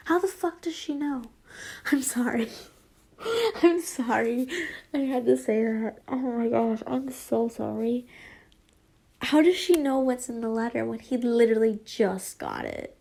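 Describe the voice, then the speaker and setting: A young woman reads fanfiction aloud at an unhurried pace, her high voice carrying a gravelly edge. She rambles off topic, giggling and apologizing between passages. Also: very animated, dark tone. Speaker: fanfiction reader. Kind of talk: casual reading with chatty asides.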